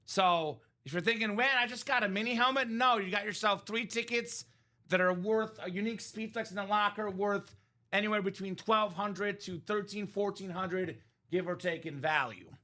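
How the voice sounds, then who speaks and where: A man's voice: high voice, moderate pace, pushed and bright. A man hosting a live sports memorabilia break, chatting energetically and rambling through values and asides. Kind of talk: live-stream sales chat.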